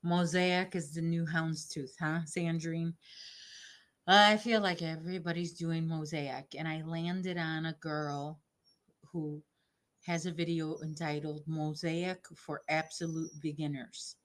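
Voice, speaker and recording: Brief: low-pitched woman host, unhurried, friendly crochet-stream chatter, addresses viewers by name. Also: steady tone. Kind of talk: casual chat while crocheting.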